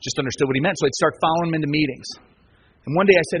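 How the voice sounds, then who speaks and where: A man's voice: a little high, very fast, a little hiss or hum. A man speaking at a recovery gathering, telling his own story in a conversational way, repeating words and often asking "right?". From United States. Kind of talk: personal story talk. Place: speaking at a conference.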